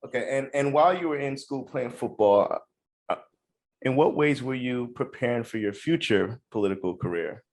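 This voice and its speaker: A man's voice: medium pitch, normal speed. A man hosting a podcast who reacts briefly and asks his guest plain questions. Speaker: podcast host. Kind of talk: interview questions.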